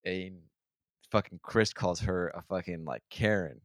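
A man's voice: deep voice, a little slow, dry recording, clean studio sound. A young man casually telling a long, profane story on a podcast, rambling with many restarts and acting out what people said. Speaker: podcast host.

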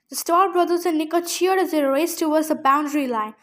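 A woman with a high voice reading a first-person novel aloud. She reads expressively and speeds up or slows down with the action. Her delivery is steady narration rather than a performance. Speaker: audiobook reader.

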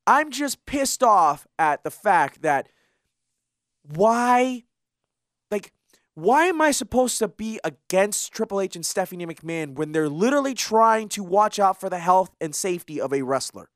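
A co-host on a wrestling podcast recaps events with fired-up, animated energy. The voice leaps around in pitch as the story builds, recorded close and dry. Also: unhurried, no echo. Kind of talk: casual wrestling podcast chat.

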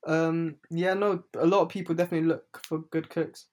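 A man's voice: on the high side, a little fast. A young man, chatting casually and teasing his friends in slang. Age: young adult. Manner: animated, teasing, London slang. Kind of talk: casual chat.

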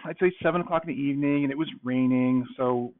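A man spins a casual, animated story, jumping into quoted voices as he goes. His sound is thin and phone-like, as if he is calling in remotely. His pitch sits in an ordinary middle range. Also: quick pace. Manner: animated, acts out both sides of the story. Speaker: guest telling a dating story. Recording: phone-like remote call audio.

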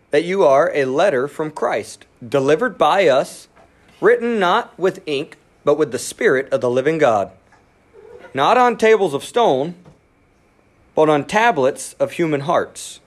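Male pastor, sermon delivery, slightly high voice, animated, speeds up and drops to a hush. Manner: animated, acts out inner voices, quickens and drops to near whisper.

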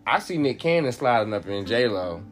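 A man's voice: medium pitch, big pitch swings, moderate pace. A man co-hosting a casual podcast, joking and teasing playfully. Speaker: podcast co-host.

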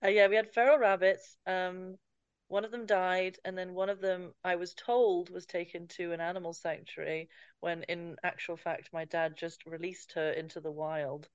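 A woman's voice: lowish voice, flat delivery, moderate pace, smooth, no echo. A woman co-hosting a podcast in casual chat, with dry wit and frequent laughs. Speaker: podcast co-host. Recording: dull, very dry sound.

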